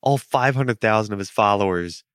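A man narrating a tabletop role-playing game as game master, setting scenes in a measured, descriptive way. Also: fairly low pitch, a bit bright, clean tone, dry recording.

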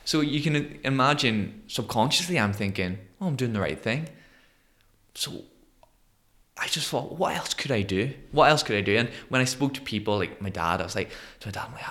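A man in his thirties from Northern Ireland with a Northern Irish accent, a podcast guest telling his story in an animated way and acting out the voices of people he quotes. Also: medium pitch, normal speed. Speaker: guest, motivational speaker. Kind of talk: conversational storytelling interview.

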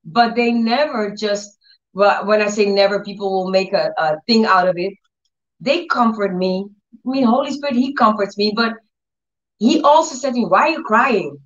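A woman teaching her church audience about healing, giving an earnest, repetitive testimony with soft laughs. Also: medium pitch, moderate pace. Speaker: Bible teacher and church leader. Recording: distant, dull-sounding mic.

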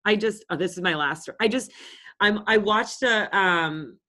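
A woman's voice: medium pitch, unhurried, pushed and bright. A woman around thirty, co-hosting a podcast and telling stories in a casual, blunt and profane way. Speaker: podcast co-host. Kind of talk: casual chat.

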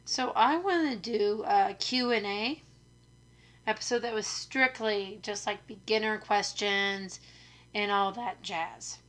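A young woman hosts her podcast, chatting slowly into a new studio microphone, her voice hoarse from illness but still bright and forward at an ordinary middle pitch. The talk is casual and rambling, and she keeps poking fun at herself.

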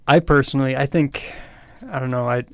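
A man's voice: medium pitch, steady tone, fairly quick, no room sound. A man co-hosting a casual book podcast who talks in a thoughtful, slightly hesitant way. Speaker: podcast co-host.

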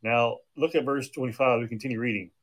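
A man's voice: medium pitch, steady tone, fast. Man preaching a conversational sermon. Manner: conversational with frequent restarts and fillers. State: occasional coughing.

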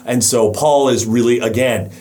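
A man's voice: medium pitch, moderate pace, darkish tone, a little hiss or hum. Chatty man on a book podcast. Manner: stumbling restarts, chatty. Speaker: podcast co-host. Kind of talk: casual book-club chat.

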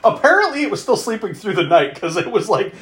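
A man co-hosts a casual podcast, walking through a film's plot. His voice sits a bit high for a man and swings up and down a great deal. He laughs often, swears freely and acts out the characters' lines. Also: sing-song, fast, fairly bright tone. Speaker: podcast co-host. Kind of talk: casual movie recap chat.

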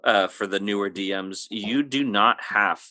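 A man's voice: on the low side, a little slow, no room sound, studio quality. A man who runs tabletop games, chatting casually on a podcast and giving advice, rambling along with lots of fillers. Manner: relaxed, rambling with many fillers. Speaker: game master.

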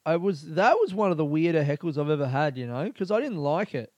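Rambling comedian, dry close mic. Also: male voice, fairly high pitch, lively intonation, fast, a little mellow, no echo, highs cut off. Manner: rambling, candid, swears often, lots of fillers. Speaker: comedian podcast host. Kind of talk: casual personal monologue.

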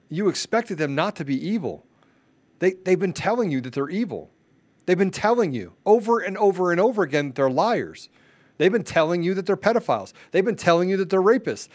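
Fired-up male commentary host. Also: sits high. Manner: fiery, repetitive, emphatic, rising into shouting; self-described introvert. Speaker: show host. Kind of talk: political commentary rant.

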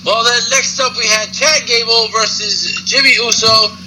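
A man's voice: very high voice, fairly even intonation, moderate pace, pushed and bright. A man co-hosting a casual wrestling recap podcast, rambling and joking with many fillers. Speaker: podcast co-host. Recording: noisy background.

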